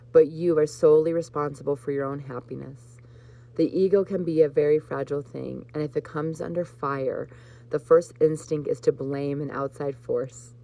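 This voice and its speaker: Brief: woman host, low voice, soft spiritual card reading, heartfelt. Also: gravelly. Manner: warm, emotional, choked up with laughter at times. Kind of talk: live card reading for viewers.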